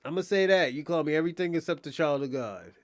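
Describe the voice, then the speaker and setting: Male streamer host, high voice, dead-dry sound, rambling profane riffing at chat regulars. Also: lively intonation, fast, dry recording. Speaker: livestream host. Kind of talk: casual livestream commentary addressing chat.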